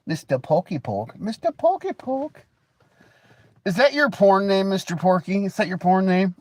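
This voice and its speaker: A man's voice: a little high, a little mellow, no room sound. A man hosting a casual livestream, rambling, joking, laughing often and teasing viewers with crude banter. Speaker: livestream host.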